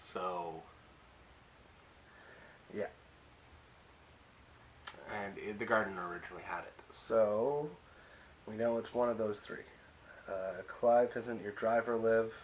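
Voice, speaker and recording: A man's voice: on the low side, steady tone, slow pace, long pauses, slight background noise, low-quality recording. A young man recapping a TV episode in a casual, rambling way, full of fillers and wry offhand asides. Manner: rambling, hesitant, many fillers. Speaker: YouTube recap reviewer.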